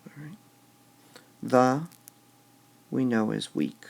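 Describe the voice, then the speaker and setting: A man's voice: mid-range voice, slow, gravelly. A man teaching a recorded lesson on poetic meter. He goes step by step, says "all right" often between steps, and repeats words with shifting stress to show the beat.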